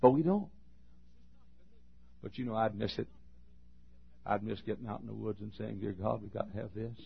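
Male pastor, low husky voice, gravelly, dull lo-fi recording, emphatic storytelling sermon. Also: normal speed. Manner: emphatic, swings from loud to hushed.

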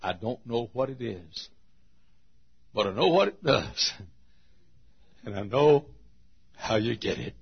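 Preacher guy, rough gravelly voice, goes loud then hushed, muffled old church tape. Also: animated, slow pace, pauses often. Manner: swings from loud shouted quotes to hushed low asides. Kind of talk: sermon. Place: church service.

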